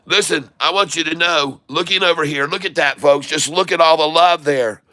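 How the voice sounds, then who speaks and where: Excitable man hosting a live stream. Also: a little high, normal speed, no room sound. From Michigan. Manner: excitable, reading out viewer shout-outs. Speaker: livestream host. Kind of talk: casual livestream chat.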